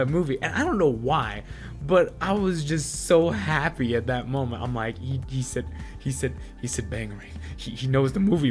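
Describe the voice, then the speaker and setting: A man telling stories in a casual vlog, excitable and self-deprecating, with lots of fillers. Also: on the high side. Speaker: vlogger.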